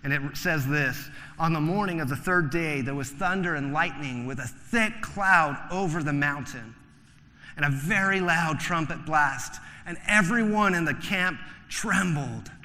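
A man preaching a sermon in a relaxed, joking, conversational way, acting out the voices in the stories he tells. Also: on the high side, a little slow. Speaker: pastor. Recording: long hall reverb.

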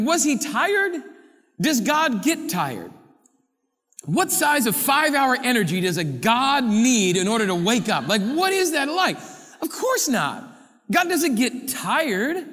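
A man preaching a sermon to a congregation, animated and playful, firing off rhetorical questions. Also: high-pitched, long reverb tail. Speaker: pastor.

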